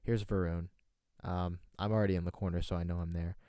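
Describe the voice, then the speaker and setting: A young man from North Carolina hosts a loose live show, rambling between jokes and breaking into laughter. His voice sits on the low side. The sound is dry and close with no room echo. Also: steady tone, a little fast, warm tone. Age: young adult. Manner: joking, rambling, laughs often, relays a caller's words. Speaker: host of a live stream show. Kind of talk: casual joking chat.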